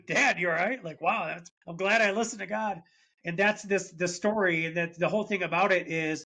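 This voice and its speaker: A man as a podcast guest, telling a personal faith story in an earnest, animated way. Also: high-pitched. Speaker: podcast guest, business founder. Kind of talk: conversational storytelling interview.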